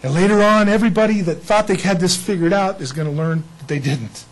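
A man preaching an Easter sermon in a lively way, acting out the people in the story. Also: high voice, fast, rough recording. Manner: animated, acts out bible figures. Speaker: pastor.

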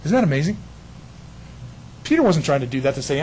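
A man preaching a sermon in a lively storytelling way, dropping to hushed tones and rising to loud bursts. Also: medium pitch, brisk, long pauses, a little hiss or hum, low-quality recording. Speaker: pastor.

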